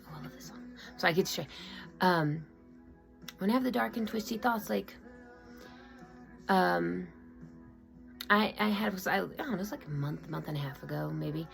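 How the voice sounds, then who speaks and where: A woman with a lowish, heavily gravelly voice talks from her room at home in a loose, confiding way. She rambles and restarts often, full of "um" and "like". Faint music plays behind her. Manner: rambling, open and emotional, many fillers and restarts. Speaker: vlogger. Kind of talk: casual personal confiding talk.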